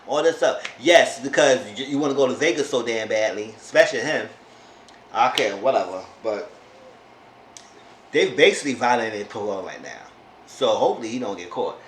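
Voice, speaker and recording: A man casually recapping a reality show episode in an animated way, often talking back to the people on it. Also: mid-range voice, a little fast. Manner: animated, talks back to the characters. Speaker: YouTube reality-TV reviewer. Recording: roomy echo, faint background noise.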